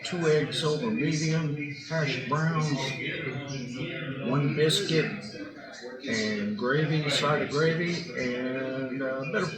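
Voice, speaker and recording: A man's voice: fairly high pitch, slow. An older man co-hosting a breakfast chat, ordering hesitantly and adding wry remarks. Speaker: co-host. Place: restaurant. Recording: echoey room with loud music.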